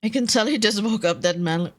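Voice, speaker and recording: A young woman streamer chatting casually with viewers in a low, groggy voice from just waking up, laughing and swearing easily while she eats. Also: fast. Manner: laid-back, laughs often, swears casually, chats with viewers while eating. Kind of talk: casual live-stream chat.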